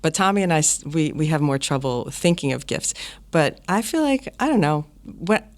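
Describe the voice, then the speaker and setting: A woman's voice: low voice, moderate pace. A middle-aged woman co-hosting a casual family podcast, chatty and laughing often as she tells stories. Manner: laughs often, animated storyteller. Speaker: podcast co-host, mother.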